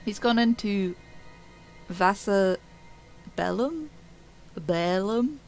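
A woman's voice: mid-range voice, animated, very slow, darkish tone, soft background music. A woman streamer chatting casually over gameplay, giggling often and talking to her chat.

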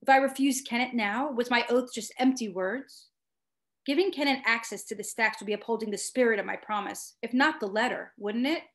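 A woman, the author, reading her own first-person fiction aloud with expressive storytelling. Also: a little high, fairly quick.

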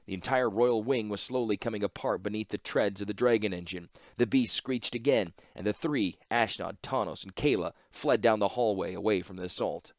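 A man narrating a fantasy story in audiobook style, steady and measured. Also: lowish voice, no echo, studio quality.

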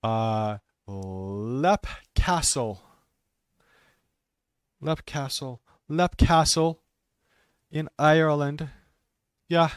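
A man who talks slowly and simply for English learners, with many restarts, and sometimes trails off into quiet muttering. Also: on the high side, clear, resonant tone, no echo, studio quality. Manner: slow, simple wording with many restarts and fillers; drops to quiet mutters while fixing his stream. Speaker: ESL teacher streaming. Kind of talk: casual talk for English learners.

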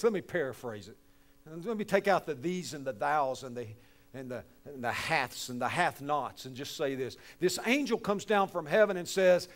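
A middle-aged man with a West Virginian accent preaching a sermon, folksy and joking, swinging from hushed to loud. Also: on the high side. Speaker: pastor.

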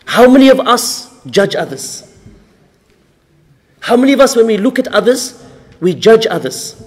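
A high-pitched man delivers a mosque sermon, stacking rhetorical questions and repeating key lines. His voice carries a long reverberant tail from the mosque hall. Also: big pitch swings, measured pace. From Australia. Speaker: sheikh giving a mosque lecture.

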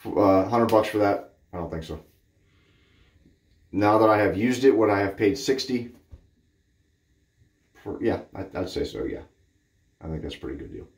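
Deep voiced cape cod guy rambling blunt about shave gear, echoey bathroom. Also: a little mellow. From Cape Cod, Massachusetts. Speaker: shaving vlogger. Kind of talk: casual product review chat. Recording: roomy echo.

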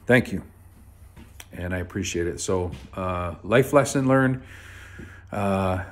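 A man's voice: low voice, takes it slowly. A man from Canada telling a personal story to camera in a laid-back, rambling way, with many fillers and some swearing. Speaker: vlogger.

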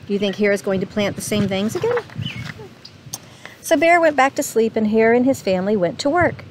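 A woman reading a picture book aloud to children, slow and expressive, stopping to ask her listeners questions. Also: a little high, noisy background.

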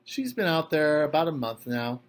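A man's voice: a little high, normal speed. A man doing an eager, lonely old man. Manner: eager, childlike, excitable. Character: cheerful lonely old male retired electrician.

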